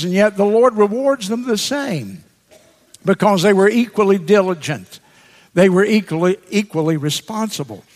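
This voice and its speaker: A man preaching a sermon that works through a scripture passage, speaking deliberately and repeating key words for emphasis. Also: sits high. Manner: slow, deliberate, emphatic repetition. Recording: long hall reverb.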